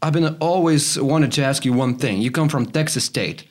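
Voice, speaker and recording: A man from Europe interviewing a guest in a casual chat, tossing in quick joking asides. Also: fairly high pitch, a little mellow.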